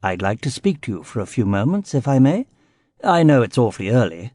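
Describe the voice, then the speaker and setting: A courteous, guarded English gentleman in his sixties, as a male narrator puts him on, speaking in a clipped Home Counties accent. His manners are formal and his tone is mellow and warm. The recording is close and dry, with no room sound. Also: mid-range voice, sing-song, brisk, no room sound. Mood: polite insistence. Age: 60s. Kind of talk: audiobook character voice.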